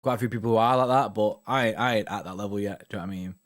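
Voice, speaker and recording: A man's voice: on the low side, racing. Chatty young man rambling. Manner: chatty, rambling, fills with "do you know what I mean". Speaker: host reading viewer comments. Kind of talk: casual live-stream chat.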